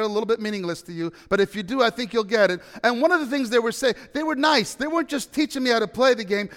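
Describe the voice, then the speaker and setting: A man preaching a sermon, telling stories animatedly, with loud bursts of emphasis and quiet asides. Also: sits high. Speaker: pastor. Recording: long hall reverb.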